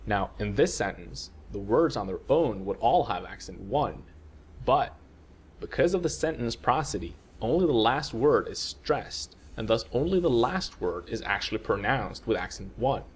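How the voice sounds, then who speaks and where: A man calmly explaining a language lesson, played from a video. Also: mid-range voice, normal speed, slight background noise. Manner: calm, explanatory. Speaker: language teacher.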